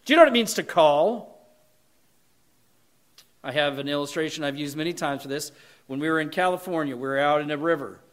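Fervent high-voiced man preaching. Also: brisk, pauses often. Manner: emphatic preaching, shifting between loud shouted points and quiet appeals. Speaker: pastor. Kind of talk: sermon.

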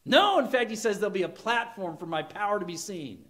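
A man preaching a sermon, animated and emphatic, acting out quoted voices. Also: sits high, a little fast. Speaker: pastor.

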